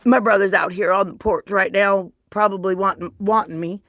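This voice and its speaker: A woman's voice: mid-range voice, fairly even intonation, moderate pace, fairly bright tone, no echo. A woman chatting casually on a live stream from home, folksy and self-mocking as she shows off her handmade blankets.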